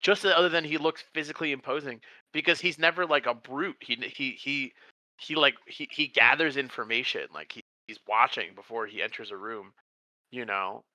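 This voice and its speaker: A man co-hosting a casual movie chat, with a very bright, forceful voice. He talks animatedly and leaps up in pitch when he acts out characters. The sound is close and dry. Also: normal speed, dry recording. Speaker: podcast co-host.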